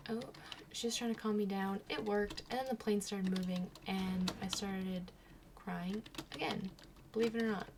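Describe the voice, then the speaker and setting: A woman's voice: medium pitch, background noise. A woman vlogger telling personal stories in a casual, chatty way, laughing at herself often. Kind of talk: casual storytelling.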